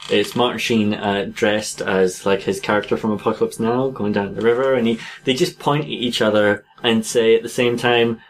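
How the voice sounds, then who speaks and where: A man with a fairly low voice, talking in a rambling, hedging way on a podcast. He laughs often between thoughts. Faint noise sits under his voice. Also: fairly even intonation, normal speed, few pauses. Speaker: podcast co-host. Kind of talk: casual chat.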